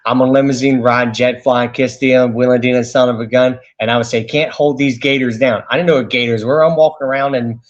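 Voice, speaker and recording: A man tells his stories in an animated way, with lots of "you know" and restarts. His voice sits in the middle range. The audio sounds a bit dull and lo-fi. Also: mid-range voice, fairly quick, hardly any pauses. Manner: animated anecdotes with many fillers and restarts. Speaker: radio show host, interview guest. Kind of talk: casual storytelling interview.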